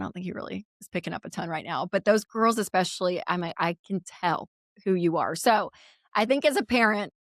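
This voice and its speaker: A woman's voice: on the low side, no room sound, studio quality. A woman in her thirties, a podcast guest, chatting candidly and telling stories with easy laughs. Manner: chatty storyteller, laughs easily. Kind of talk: candid conversational interview.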